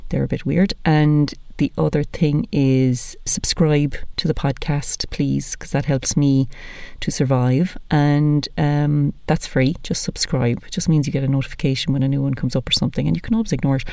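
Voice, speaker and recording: A woman's voice: deep voice, steady tone, moderate pace, creaky, few pauses, dark tone, no room sound. An Irish woman hosting a podcast, chatting in a loose, jokey, rambling way. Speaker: podcast host. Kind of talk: casual chat.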